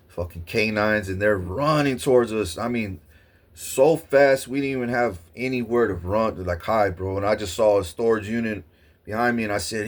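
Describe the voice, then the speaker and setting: A man vlogger telling a story in a casual, rambling and excitable way, swearing often. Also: fairly low pitch, normal speed.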